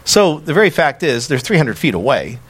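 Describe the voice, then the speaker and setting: A man's voice: on the high side, big pitch swings, normal speed, fairly bright tone, breathy edge. Conversational man preaching a sermon. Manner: conversational, repeats words, tells anecdotes. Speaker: pastor.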